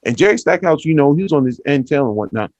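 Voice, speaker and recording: A man's voice: fairly high pitch, expressive, fast, a little mellow, no room sound, dull audio. A man speaking casually on a podcast, stringing his points together with fillers. His voice sits in a middle range and sounds dry, close to the mic. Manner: chatty, lots of "you know" fillers. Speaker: podcast co-host. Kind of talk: casual chat.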